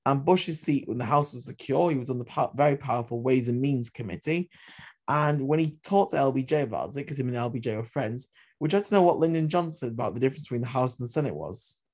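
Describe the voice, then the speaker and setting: A man's voice: medium pitch, fast, a little mellow, husky. A man hosting a history podcast, retelling events with passionate, opinionated asides. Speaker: podcast host.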